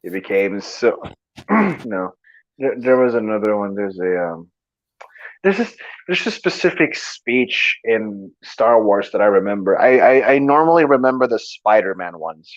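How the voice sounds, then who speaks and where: This man, whose voice is on the low side and expressive, chats casually at a measured pace. He rambles and hesitates, breaking off and starting over while trying to remember lines. The recording has no echo but a dull, lo-fi quality.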